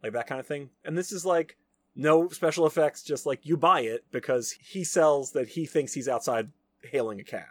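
A man's voice: on the high side, moderate pace, fairly bright tone, no echo. A young adult man hosting a podcast, casually recapping a film in a rambling way, full of "like" and "you know.". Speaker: podcast host.

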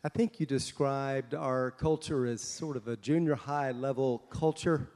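Male audience questioner, slow and deliberate, warm dark tone, hall reverb. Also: medium pitch, steady tone. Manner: slow, deliberate, searching for words. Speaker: audience member asking a question. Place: conference hall.

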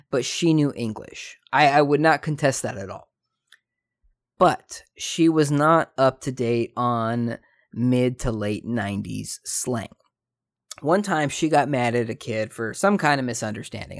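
Podcast guy rambling thru a funny story, jokey and animated, dry close sound. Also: mid-range voice, no echo. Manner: animated, jokey, tangent-prone. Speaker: podcast host. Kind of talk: casual storytelling monologue.

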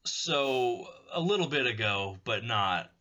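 A man's voice: medium pitch, expressive, slow pace, bright, forceful tone, lo-fi sound. A man co-hosting a podcast in casual chat, joking around and often restarting his sentences. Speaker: podcast co-host.

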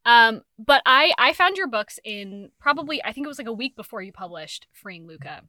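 A young woman hosting a podcast, chatting excitedly and casually about books she loves, swearing now and then. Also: on the high side, brisk, no room sound, clean studio sound. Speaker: podcast host. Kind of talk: casual interview chat.

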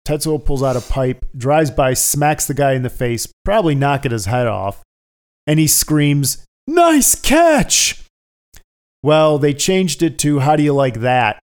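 A man's voice: medium pitch, darkish tone, clear, resonant tone. Upbeat man hosting a podcast panel. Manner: upbeat, brisk, steering the talk. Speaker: podcast host. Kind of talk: casual panel discussion.

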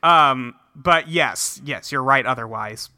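A man's voice: medium pitch, takes it slowly, gravelly, sharp tone, dry recording. A man co-hosting a podcast, recapping an episode in laid-back, chatty talk and laughing easily. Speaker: podcast co-host recapping a show. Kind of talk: casual chat.

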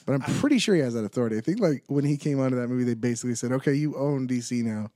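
A laid-back man co-hosting a podcast, agreeing easily and chiming in with yeahs. His voice has a middle pitch. It sounds dry and close, with no room echo. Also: lively intonation, racing, warm tone. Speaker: podcast co-host. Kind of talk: casual chat. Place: studio. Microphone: studio mic.

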